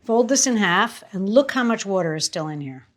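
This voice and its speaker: A woman's voice: medium pitch, animated, normal speed. A woman in her fifties hosting a cooking show, chatting and rambling as she demonstrates a recipe, often laughing. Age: 50s.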